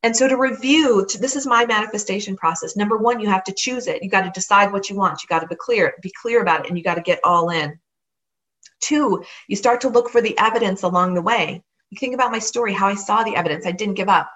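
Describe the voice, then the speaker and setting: A woman's voice: mid-range voice, fast, fairly bright tone, low-quality recording. Earnest woman podcast host. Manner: earnest, encouraging storytelling; repeats phrases for emphasis. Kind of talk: motivational solo podcast.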